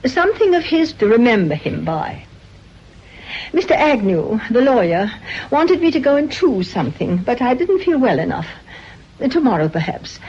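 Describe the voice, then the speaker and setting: A meek, resigned woman in an old radio play, soft and apologetic. Her husky voice rises and falls expressively, and the recording is dull and lo-fi. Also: fairly high pitch, big pitch swings, normal speed, heavily acted. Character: meek, self-effacing spinster, gentle and resigned. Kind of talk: radio drama acting.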